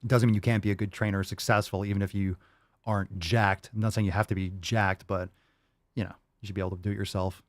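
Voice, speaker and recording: Man, low voice, dry close sound, casual profane q&a host, rambling. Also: flat delivery, quick pace, no room sound. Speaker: podcast host answering viewer questions. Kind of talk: casual livestream Q&A.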